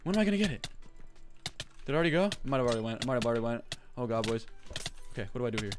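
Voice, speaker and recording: A man giving frantic, excitable live commentary over his own gameplay, swearing often. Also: mid-range voice, very fast, over music. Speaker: gaming video creator.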